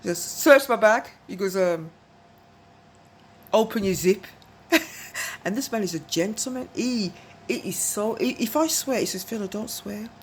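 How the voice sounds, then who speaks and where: Woman, mid-pitched voice, casual rambling story, frequent asides to the listener, laughs between phrases. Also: animated, normal speed, slight background noise. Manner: chatty, rambling, often asks "you know what I mean", laughs between phrases.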